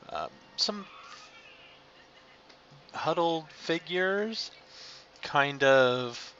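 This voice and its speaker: A man who narrates as game master of a tabletop game, in a halting, descriptive way with fillers. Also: medium pitch, pushed and bright, muffled recording, slight background noise.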